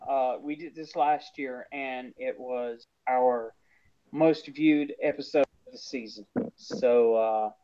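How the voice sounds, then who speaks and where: A man's voice: mid-range voice, steady tone, slow pace, warm tone, clean tone. A man co-hosting a casual sports podcast, announcing upcoming show details with self-mocking jokes. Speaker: podcast co-host. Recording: dull lo-fi sound.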